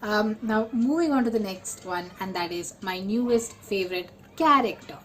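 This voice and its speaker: A young woman, talking casually as a book vlogger, full of fillers and repeats, with excited bursts. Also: medium pitch, normal speed, slight background noise, rough recording. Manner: chatty, lots of fillers and repeats. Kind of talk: casual chat.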